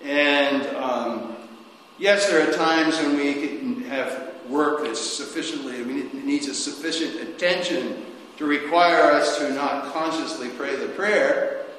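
Slow-preaching man in an echoey church. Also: fairly high pitch. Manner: slow, halting, with sudden rises and soft drops. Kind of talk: sermon. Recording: echoey church hall, faint noise.

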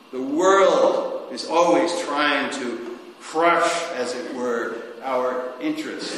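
Slow-preaching man in an echoey church. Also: medium pitch. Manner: slow, halting, with sudden rises and soft drops. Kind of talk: sermon. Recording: echoey church hall, faint noise.

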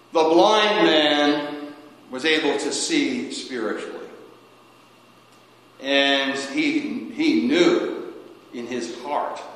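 A man preaching a sermon as a priest, slow and halting, often restarting his sentences. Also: mid-range voice, fairly bright tone. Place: church. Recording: echoey church with long reverb.

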